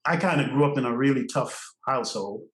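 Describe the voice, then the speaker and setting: An older man from Trinidad, a podcast guest, telling stories in an animated way and laughing often between phrases. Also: medium pitch, fast, echoey room, low-quality recording. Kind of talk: storytelling interview.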